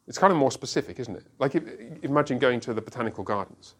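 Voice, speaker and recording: A man's voice: mid-range voice, very animated, quick pace, few pauses. A man leading a Bible study group. He asks the group questions and explains each point step by step, using everyday examples.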